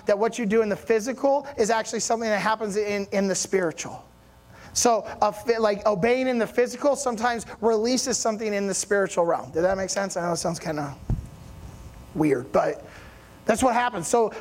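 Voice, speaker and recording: Animated male pastor preaching casually. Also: high voice. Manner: chatty, keeps checking in with the congregation; animated, rising emphasis on key points. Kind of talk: conversational sermon. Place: church.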